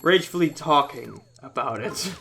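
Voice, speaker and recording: A man giving casual, rambling game commentary, ranting and scolding in an animated way. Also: a little high, moderate pace, gravelly, soft background music. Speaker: let's-play host.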